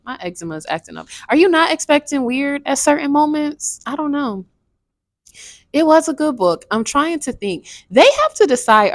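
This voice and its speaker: A woman's voice: mid-range voice, no echo, studio quality. A woman in her twenties chatting casually and frankly about a book she read, rambling and swearing now and then. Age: 20s. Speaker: book reviewer. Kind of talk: casual book review chat.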